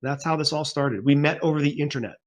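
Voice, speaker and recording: A man's voice: on the high side, quick pace. A man in his forties, a guest musician telling his story in a rambling, casual interview, laughing often.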